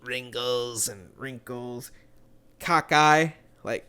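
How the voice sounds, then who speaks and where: A man's voice: medium pitch, drawn-out words, pushed and bright, smooth. A young man telling a rambling, swearing story about a coworker in a casual podcast chat. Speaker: podcast co-host.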